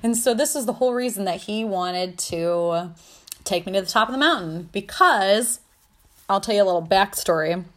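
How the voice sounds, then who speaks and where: Animated woman swearing through a story. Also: medium pitch, moderate pace. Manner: animated, swearing freely, laughing often. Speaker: podcast host. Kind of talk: casual storytelling.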